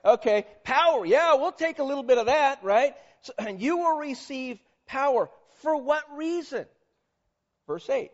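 A man preaching a sermon as pastor, animated and conversational, drawing the congregation in with questions. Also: very high voice, a little slow, lo-fi sound. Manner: animated, conversational, quizzes audience.

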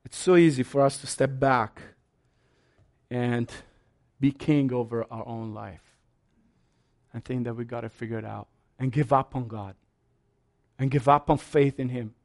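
A man preaching a sermon as a pastor, passionate, swinging from soft asides to loud, high exclamations. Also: fairly even intonation, unhurried, long pauses.

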